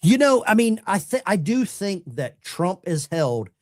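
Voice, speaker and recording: Male call-in host, casual and rambling, with a very lively pitch. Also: measured pace. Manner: animated and chatty, often rambling. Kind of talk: casual live-stream call-in talk.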